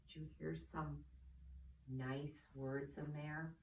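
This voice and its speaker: A woman teaching young children at church, speaking gently and asking them questions. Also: deep voice, level tone, slight background noise. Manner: slow, soft and coaxing, asks the children questions. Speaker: children's catechist. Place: church classroom. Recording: roomy, distant camera audio.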